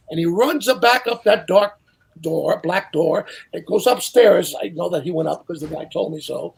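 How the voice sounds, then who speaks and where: An older man telling casual anecdotes as a guest, animated and acting out the people he quotes. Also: sits high, moderate pace, gravelly, slightly rough. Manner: animated storyteller who acts out quotes. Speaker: guest storyteller.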